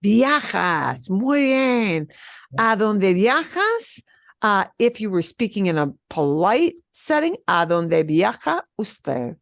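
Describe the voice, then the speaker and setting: A middle-aged woman teaching a beginner Spanish class, upbeat and encouraging, modeling phrases slowly so students can repeat them. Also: mid-range voice, very animated, creaky, dry recording, studio quality. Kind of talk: online beginner language class.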